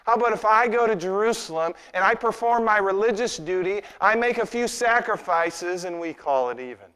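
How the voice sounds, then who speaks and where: A man's voice: high-pitched, expressive, normal speed, a bit bright, smooth, pitched above the performer's own voice. A man voicing a scheming male prophet who tries to strike a bargain with God, in a wheedling tone.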